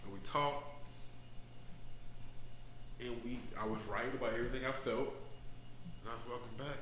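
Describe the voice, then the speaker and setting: An animated man in casual chat, swearing freely and laughing often. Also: medium pitch, moderate pace, echoey room, slight background noise. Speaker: podcast co-host.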